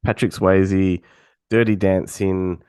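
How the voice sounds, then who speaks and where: Male co-host, husky today, laid-back trivia talker, dry close sound. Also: low voice, takes it slowly, dry recording. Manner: relaxed, trivia-telling, swears casually. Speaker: podcast co-host. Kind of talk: casual chat.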